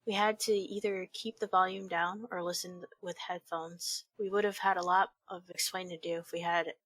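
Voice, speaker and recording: A woman with a lowish voice reads a clumsy romance story aloud, and her dry delivery keeps the jokes in reach. The sound is close and dry. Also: flat delivery, moderate pace, a bit bright, no room sound. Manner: reads aloud and breaks off laughing at the text. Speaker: fanfiction reader. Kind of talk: comedic dramatic reading.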